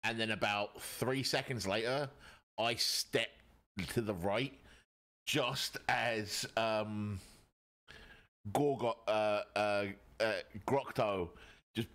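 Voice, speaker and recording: A man's voice: mid-range voice, fairly bright tone. A man playing in a tabletop game, describing his character's moves playfully and dramatically. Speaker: player.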